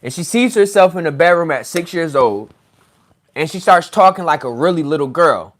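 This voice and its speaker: A man telling a story in a casual, animated way, swearing and laughing as he goes. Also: on the high side, moderate pace. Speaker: podcast host, regression practitioner.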